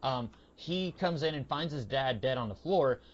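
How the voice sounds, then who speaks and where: A man in casual podcast conversation, rambling along with plenty of fillers. He keeps slipping into quick quoted lines of what people said. The audio is somewhat muffled and lo-fi. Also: mid-range voice, lively intonation, slight background noise. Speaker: podcast co-host. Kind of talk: casual comic book review chat.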